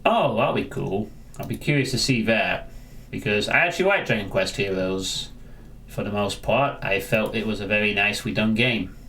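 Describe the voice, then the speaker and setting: A man's voice: fairly low pitch, normal speed, sharp tone. A man chatting casually on a live stream, rambling and answering viewers, often restarting his sentences.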